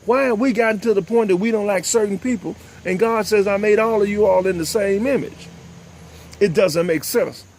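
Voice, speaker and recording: An older man, hosting a talk show and delivering impassioned, preachy commentary, often repeating "ladies and gentlemen.". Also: high-pitched, normal speed, slight background noise. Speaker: host.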